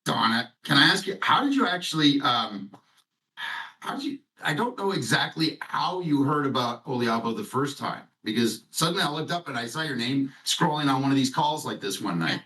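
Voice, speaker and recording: A man hosting a casual interview, asking chatty, halting questions over a video call. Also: mid-range voice, big pitch swings, sharp tone, distant mic, low-quality recording. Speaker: host.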